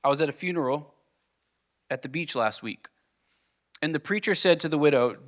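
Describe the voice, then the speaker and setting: A man's voice: a little high, moderate pace, pauses often. Earnest man preaching a sermon. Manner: earnest, builds with rising questions then drops soft. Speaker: pastor.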